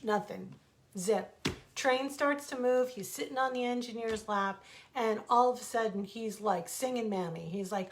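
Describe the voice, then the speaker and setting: Middle-aged woman, fairly high voice, animated casual storyteller, rambling asides. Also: moderate pace, vocal fry. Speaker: author and storyteller. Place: her home.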